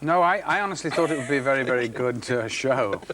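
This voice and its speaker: A man guesting on a chat show, speaking at an ordinary pitch. He answers in dry, wry asides. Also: expressive, fast talker, a loud crowd. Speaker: guest actor.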